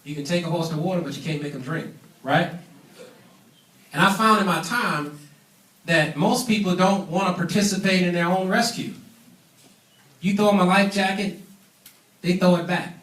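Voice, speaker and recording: A man's voice: high voice, moderate pace, pauses often, a bit bright. A man giving an emphatic business training talk to a live audience, preaching his points and calling for responses. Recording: echoey room, mic at a distance.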